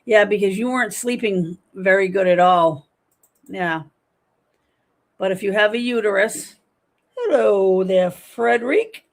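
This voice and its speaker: A middle-aged woman hosting a casual livestream, chatting and reading viewer comments aloud in a lively, talkative way. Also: mid-range voice, a little slow, pauses often. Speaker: livestream host.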